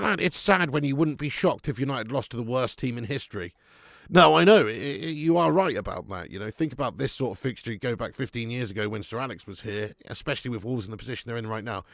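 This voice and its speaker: A man hosting a live football watch-along, bantering loudly, swearing and reading out chat messages on a close mic. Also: mid-range voice, gravelly, no room sound. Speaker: fan channel host.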